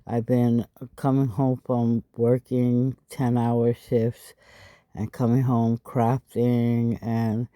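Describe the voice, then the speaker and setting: A woman hosting a casual craft tutorial, tired and a little stuffy, with a raspy, low voice as she explains each step. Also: level tone, slow pace, warm tone, dry recording, studio quality. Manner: chatty, explaining step by step with frequent asides. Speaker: craft channel host.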